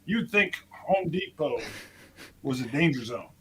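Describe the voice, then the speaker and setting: A man co-hosting a whiskey talk show, telling animated stories and acting out quotes with lots of laughter. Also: on the high side, measured pace, slight background noise. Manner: animated storyteller, acts out quotes, laughs often. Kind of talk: casual chat.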